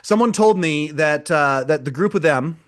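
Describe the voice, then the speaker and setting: A man's voice: fairly high pitch, animated, normal speed. A man co-hosting a podcast, retelling a live show in casual chat, rambling and repeating words as he goes. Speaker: podcast co-host.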